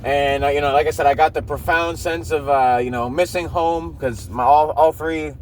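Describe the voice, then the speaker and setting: A man's voice: on the high side, steady tone, normal speed, a little hiss or hum. A man in his thirties hosting a podcast, telling a rambling, profane personal story and often breaking into laughter. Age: 30s. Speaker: podcast host. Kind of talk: casual monologue.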